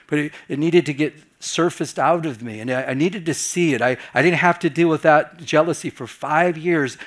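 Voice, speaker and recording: Man, middle-aged, pastor, Bible study story, fairly high voice, animated, acts out his own reactions.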